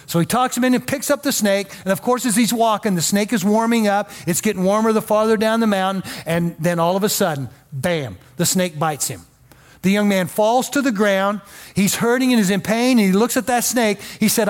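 A man's voice: sits high, fairly quick. A male pastor preaching a sermon in a folksy, emphatic way with joking asides.

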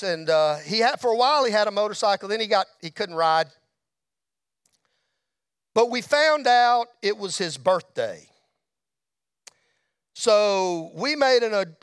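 A middle-aged man telling a testimony story in a church, folksy, dropping to a hush and rising to shouts. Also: high-pitched, clean tone, no echo, clean studio sound. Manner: folksy storyteller, drops to a hush at tender moments, rises to shouts. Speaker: motorcycle ministry speaker. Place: church hall.

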